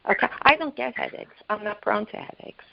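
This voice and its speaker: A woman telling an emotional personal story as a guest, halting and repeating herself, acting out the voices of the people she quotes. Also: mid-range voice, creaky, highs cut off. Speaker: guest sharing her story. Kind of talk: emotional personal testimony on a podcast.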